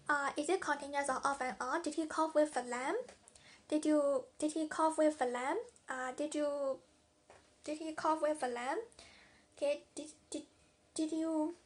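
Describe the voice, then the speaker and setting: A woman's voice: sits high, fairly bright tone. A woman playing a doctor in a practice clinical exam, asking a parent questions in a hesitant way, often restarting and repeating herself. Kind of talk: clinical history-taking role-play.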